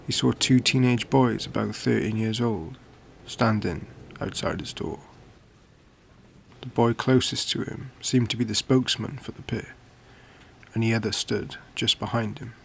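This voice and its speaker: A man narrating a scary story at a measured pace, sinking toward a whisper at tense moments. His voice is low with a gravelly rasp. Faint rain and distant thunder play softly behind him. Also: fairly even intonation, slight background noise. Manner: measured, dropping to near-whispers on tense lines. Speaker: horror podcast narrator. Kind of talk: scripted horror story narration.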